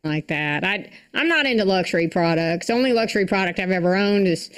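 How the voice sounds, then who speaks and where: Woman doing standup, deadpan puns, normal pitch, pretty dry delivery. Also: brisk, clear, resonant tone. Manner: deadpan wordplay with short punchlines. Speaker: stand-up comedian. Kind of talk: stand-up comedy set.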